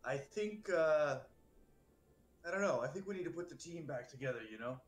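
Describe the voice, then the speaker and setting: A man's voice: on the high side, expressive, moderate pace. Hesitant man in an echoey room. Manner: hesitant, friendly, many fillers. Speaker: player. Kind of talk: in-character tabletop play. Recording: echoey room with faint noise.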